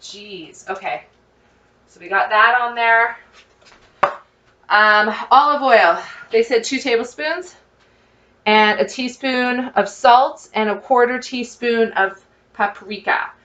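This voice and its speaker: A woman chatting excitedly to her viewers as she cooks, thinking out loud in a casual vlog. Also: fairly high pitch, takes it slowly, long pauses, roomy sound, far from the mic, dull audio. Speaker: cooking vlogger. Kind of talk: casual cooking vlog, talking to camera. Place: home kitchen.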